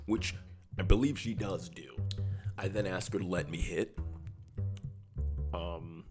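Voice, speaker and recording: Sarcastic male vlogger, deadpan comedy commentary, very deep voice, music behind. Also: a little slow, long pauses. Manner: sarcastic, deadpan, drifts into mock-dramatic whispers. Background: background music.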